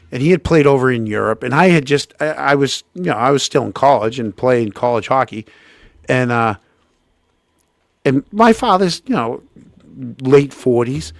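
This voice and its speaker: A middle-aged man with a gravelly, creaky voice spins a casual story. He acts out every quote with sudden leaps in pitch and restarts his sentences often. The sound is close and dry. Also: no echo. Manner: animated, acts out quotes with big pitch jumps, frequent restarts. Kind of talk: casual anecdote telling.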